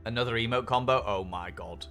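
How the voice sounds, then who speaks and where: A man's voice: medium pitch, brisk, a bit bright. A man streaming a game, chatting casually with viewers, upbeat and swearing freely. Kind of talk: casual chat while reading viewer messages. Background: faint lo-fi music.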